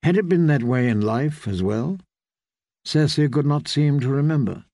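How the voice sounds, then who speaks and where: A man reading a fantasy novel aloud in measured storytelling narration. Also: mid-range voice, expressive, warm tone, no room sound, studio quality. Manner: measured storytelling, voicing characters. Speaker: audiobook narrator.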